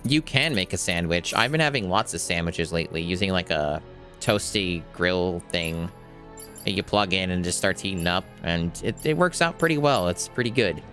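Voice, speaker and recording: A man's voice: sits low, animated, normal speed, fairly bright tone, soft background music. Joking, profane young man streamer. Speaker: blind let's play streamer. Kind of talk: casual gameplay commentary.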